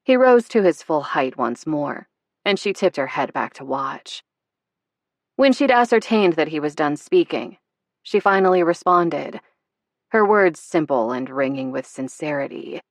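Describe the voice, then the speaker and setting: Woman audiobook narrator, low voice, dry close sound, expressive, measured. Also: no echo. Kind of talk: scripted narration.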